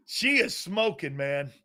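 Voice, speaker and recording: A middle-aged man hosting a live sports talk show, reading chat messages aloud, laughing often and arguing back loudly. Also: fairly high pitch. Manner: loud, excitable, laughs often, argues with chat.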